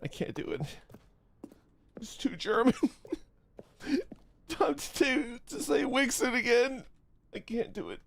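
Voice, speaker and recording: A streamer chatting casually on a live stream while gaming, with loud groaning outbursts and halting reading aloud. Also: sits high, animated, creaky, a little hiss or hum.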